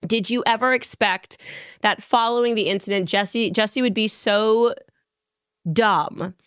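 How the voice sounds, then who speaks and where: Brief: sarcastic, mocking woman interviewer, mid-pitched, dry studio sound. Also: measured pace, a bit bright, clean tone, no echo. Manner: sarcastic, mocking, laughs often. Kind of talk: casual interview.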